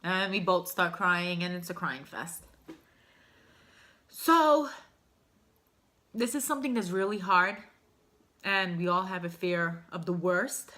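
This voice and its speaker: A woman's voice: lowish voice, moderate pace, sharp tone. A woman vlogger telling a personal story to camera in a candid, emotional, rambling way. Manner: emotional, heartfelt, rambling with fillers.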